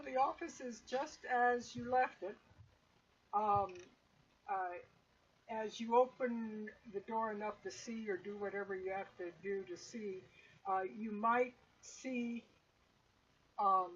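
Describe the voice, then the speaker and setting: A woman's voice: medium pitch, breathy edge. Woman game master, lo-fi stream audio. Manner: relaxed, rambling narration with many fillers. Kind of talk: narrating a tabletop game stream. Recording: dull lo-fi stream audio with faint hiss.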